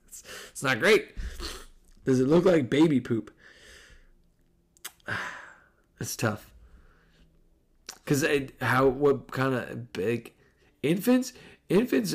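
A man hosting a podcast in casual Q&A, rambling, breaking off mid-sentence and laughing easily. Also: medium pitch. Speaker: podcast host.

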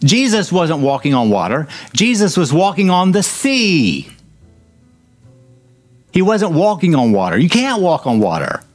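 A man's voice: on the high side, huge pitch swings, unhurried, faint music behind. A man preaching a sermon, reading scripture and breaking into joking asides, hammering points with repetition.

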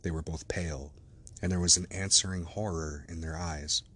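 A man narrates a classic novel in a measured, even reading. His voice sits low and steady. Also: breathy edge. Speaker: audiobook narrator. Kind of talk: scripted narration.

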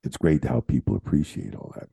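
A man from New Jersey, a retired wrestling referee, telling animated stories in casual chat and swearing freely. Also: extremely low pitch, fairly quick, vocal fry, slightly rough, dry recording, clean studio sound. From New Jersey, USA. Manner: animated storyteller, swears freely, acts out quotes.

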